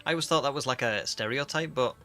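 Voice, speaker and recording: British male streamer, bright chatty voice, rambly, faint music behind. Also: medium pitch, fast. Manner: chatty, reads chat aloud, rambling with fillers. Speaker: game streamer. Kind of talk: casual live-stream chat.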